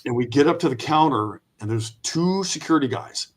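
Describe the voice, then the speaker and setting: Man, veteran guest, lively storyteller, acts out voices, casual podcast chat. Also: medium pitch, fairly quick. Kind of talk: storytelling anecdote.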